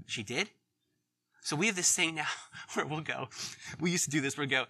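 A man's voice: mid-range voice, lively intonation, fast talker, sharp tone. A middle-aged man preaching in an earnest, conversational way, laughing now and then at his own stories. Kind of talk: sermon.

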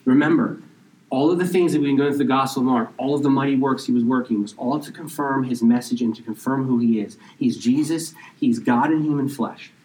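A man's voice: medium pitch, a little mellow, recorded from a distance, rough recording. Man preaching from across the room. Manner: reads scripture slowly, explains in casual asides, drops to a whisper. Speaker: pastor. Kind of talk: sermon.

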